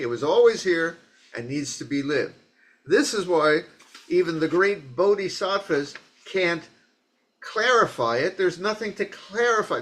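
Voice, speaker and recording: Man from New York area, Zen dharma talk, conversational, joking, slightly high voice. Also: a bit bright. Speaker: Zen teacher.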